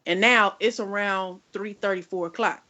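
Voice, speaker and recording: A woman's voice: mid-range voice, fairly even intonation, moderate pace, sharp tone, lo-fi sound. A woman co-hosting a podcast, telling a long story as a profane, exasperated rant and acting out both sides of her phone calls. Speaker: podcast co-host.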